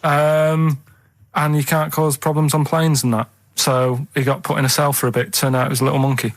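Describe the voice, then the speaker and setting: A man in his thirties with a Manchester accent, telling an odd news story on a radio show in a flat, unbothered way. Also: on the high side, fairly quick, no room sound. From England. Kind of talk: deadpan comic radio chat. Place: radio studio. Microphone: studio microphone.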